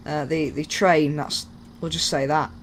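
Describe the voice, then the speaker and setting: A man chatting through a train game in a loose, joking, self-mocking way. His voice sits a little high. Faint game sounds run underneath. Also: little pitch movement, measured pace, slight background noise. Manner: rambling, jokey, self-mocking. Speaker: gaming YouTuber. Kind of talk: casual gameplay commentary.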